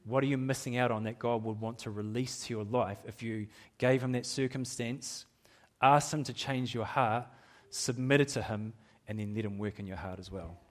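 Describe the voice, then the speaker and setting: A middle-aged man preaching to his congregation in a church hall. His pitch sits at an ordinary middle level, and he talks in a candid, self-deprecating way. He chuckles at his own admissions and stumbles through restarts as he goes. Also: fairly even intonation, moderate pace, hardly any pauses. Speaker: pastor. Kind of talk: sermon.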